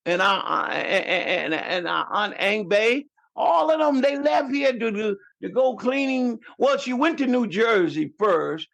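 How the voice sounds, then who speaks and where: A man in his fifties with a New York accent, guesting on a podcast, rambles through family stories in casual chat, restarting often. His voice sits high with lively intonation and a fairly bright, creaky tone, moving at a measured pace with few pauses.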